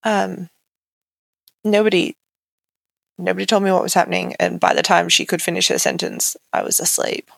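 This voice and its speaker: A woman's voice: lowish voice, fairly even intonation, normal speed, vocal fry, pauses often, no room sound. A young woman as an interview guest, telling her own story candidly and conversationally, with many "like" fillers. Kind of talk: personal account in an interview.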